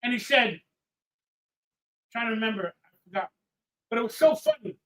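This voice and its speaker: A tipsy man hosting a live watch-party stream, ranting and swearing, swinging from loud outbursts to low mutters. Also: huge pitch swings, moderate pace, low-quality recording. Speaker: livestream host. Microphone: headphones with mic.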